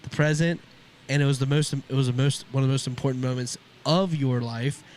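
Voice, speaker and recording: A man's voice: mid-range voice, steady tone, a little fast, a little mellow, a little hiss or hum. A man co-hosting a casual podcast, easygoing and agreeable, recorded in an open shop. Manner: easygoing, agreeable, chiming in with "yeah". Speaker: podcast co-host. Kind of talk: casual chat. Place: open shop at a riverside shopping center.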